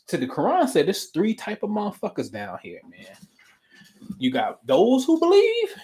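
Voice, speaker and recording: A man hosting a show, talking in casual, profane chat, telling stories animatedly and dropping to low mumbles. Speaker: podcast host.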